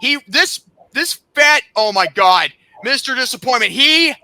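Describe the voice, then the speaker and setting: A man hosting a podcast, ranting angrily and sarcastically, often breaking into shouts. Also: very high voice, expressive, unhurried, no echo. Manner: heated, indignant, breaks into shouting; sarcastic, mocking. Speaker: podcast host. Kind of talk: angry rant.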